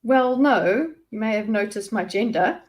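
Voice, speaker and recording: A woman's voice: a little high, expressive, a little slow. A woman reading a chatty, pleading captive. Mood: wry. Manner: talkative, pleading. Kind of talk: amateur read-aloud of a fantasy story.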